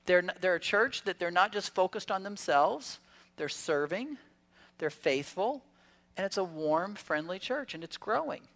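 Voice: mid-range voice, expressive, measured pace, fairly bright tone. Pastor preaching in a conversational way. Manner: conversational preaching with rhetorical questions and humorous asides. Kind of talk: sermon. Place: church service.

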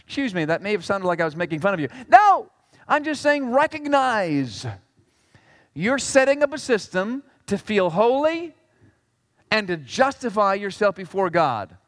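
A man preaches a sermon with a fairly high voice, jumping from loud exclamations to hushed asides. He is animated and drops jokes along the way. His voice carries the long reverb of a church hall. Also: normal speed. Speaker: pastor.

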